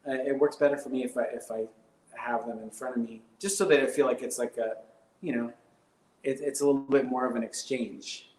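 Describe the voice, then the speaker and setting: A man's voice: medium pitch, steady tone, brisk, a little mellow. A man doing rambling, hesitant stand-up comedy on a live stream, full of fillers and absurd bits. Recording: roomy echo.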